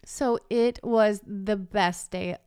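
A woman's voice: mid-range voice, fairly even intonation, slow pace, a little mellow, clear, resonant tone, dry recording, clean studio sound. A woman in her thirties telling a long story in casual chat, rambling with many "like"s and frequent laughs.

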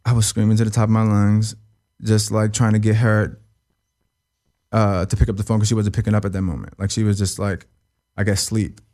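A young man as an interview guest, talking emotionally in a halting, profane way that stumbles and repeats. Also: lowish voice, level tone, mellow.

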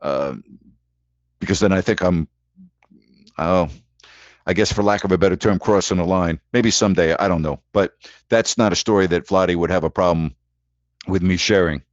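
Blunt, low-voiced male host. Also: normal speed, pauses often, dry recording, muffled recording. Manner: blunt, emphatic, repeats himself for emphasis. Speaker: show host. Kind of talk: casual call-in chat and storytelling.

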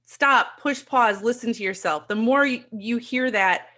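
A woman's voice: fairly high pitch, unhurried, pushed and bright. A woman hosting a podcast, repeating and stressing her guest's advice to parents. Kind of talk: casual podcast chat.

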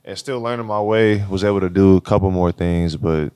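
A man's voice: sits low, fairly quick, mellow, smooth, no room sound, studio quality. A young man in his twenties, a college basketball player, telling stories in a laid-back, slangy way during a casual interview. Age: 20s.

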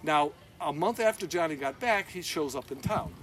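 A man's voice: on the high side, normal speed, a little hiss or hum. A man casually telling an anecdote as a guest, swearing often and breaking into laughs. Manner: profane, laughing, animated storyteller. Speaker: guest storyteller, former club owner.

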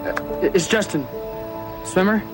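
A man's voice: high-pitched, slow, over music. An actor playing a shy, awkward young man in a film scene who speaks hesitantly and nervously. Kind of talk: film dialogue. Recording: film soundtrack with background ambience.

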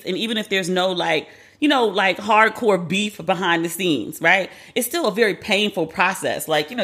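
Chatty, candid woman podcast host. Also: medium pitch. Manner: chatty, candid, profane, animated. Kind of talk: casual solo commentary.

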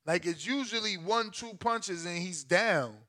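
A man hosting a live stream, reacting to a fight with loud, profane exclamations. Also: high-pitched, unhurried. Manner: excitable, profane, shouts and exclaims.

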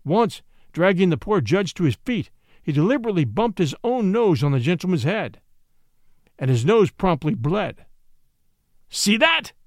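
A man narrating a classic short story with expressive, lively storytelling. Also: high voice, moderate pace, no echo, clean studio sound. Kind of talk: audiobook narration.

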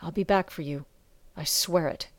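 A woman voicing a loyal male fighter who speaks in a gentle, reassuring way. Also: lowish voice, normal speed, no echo, natural voice. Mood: earnest. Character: loyal male fighter, tender but steady.

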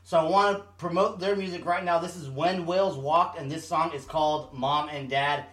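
A man with a high voice hosts a casual podcast, chiming in with quick reactions. He steps in to set up a song he wants to play. The room gives his voice a noticeable echo. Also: fairly even intonation, a bit bright. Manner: reacts with short exclamations, introduces songs. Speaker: podcast host. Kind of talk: casual chat.

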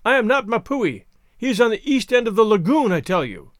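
A man's voice: sits high, very animated, fairly quick, no room sound, clean studio sound, voice pushed up. A man voicing a timid island husband who talks in a faltering, nervous way.

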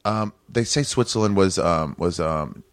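Deep-voiced man giving blunt opinions. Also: unhurried, no room sound. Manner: blunt, matter-of-fact opinions. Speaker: comedian guest. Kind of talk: casual chat.

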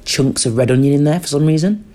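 A podcast guest with a voice on the high side chats casually at a quick pace. He's comic and animated, riffing and slipping into mock voices.

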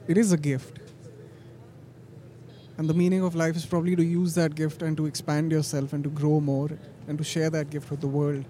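Earnest young acting student outdoors. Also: male voice, a little high, little pitch movement, moderate pace, dark tone, slight background noise. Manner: earnest, good-natured, laughs easily. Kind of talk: casual street interview answers. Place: city sidewalk outdoors.

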